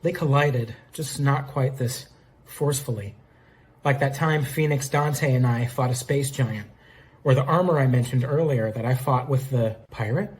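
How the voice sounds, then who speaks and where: A level-headed female agent from a fan-read game script, quick and a little worried, as a man reads her lines in his near-everyday voice. Mid-pitched and plain. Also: darkish tone, close to an everyday voice, low-quality recording.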